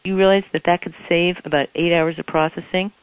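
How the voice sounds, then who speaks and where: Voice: medium pitch, little pitch movement, fairly quick, no room sound. Earnest therapist explaining attachment, dull recording. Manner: earnest, explanatory, repeats phrases for emphasis. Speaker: couples therapist. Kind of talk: explanatory interview talk.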